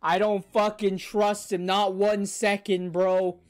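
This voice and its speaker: A man reacting to an anime episode, excitable and profane, shouting and gasping and talking back to the characters on screen. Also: high-pitched, slow, smooth. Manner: excitable, swears a lot, bursts into shouts and gasps. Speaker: anime reaction channel host. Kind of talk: live reaction commentary.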